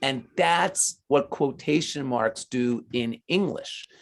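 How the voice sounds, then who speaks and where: A man's voice: mid-range voice, takes it slowly, vocal fry. A man teaching math to children, patient and encouraging as he explains each step. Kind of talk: online class teaching.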